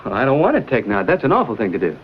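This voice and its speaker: Laid-back cocky frontier hero, lots of pitch movement, muffled hissy tv audio. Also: male voice, wildly swooping pitch, rapid-fire. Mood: defensive. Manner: wry, easygoing, cocky. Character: bold, wry frontier adventurer. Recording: dull old TV audio with hiss.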